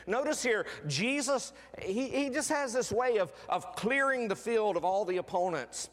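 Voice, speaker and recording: A middle-aged pastor with a drawl, preaching in a fairly high voice that swings from lively to hushed. His sermon rings out with the long reverb of a large church sanctuary. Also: normal speed, few pauses. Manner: dramatic preaching, drops to hushed tones.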